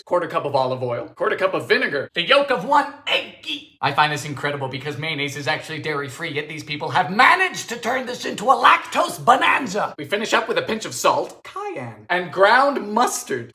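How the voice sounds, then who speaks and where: A man narrating a comic cooking vlog about vintage recipes, making dry deadpan jokes and breaking into sudden shouts. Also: high voice. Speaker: home baker trying vintage recipes. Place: home kitchen.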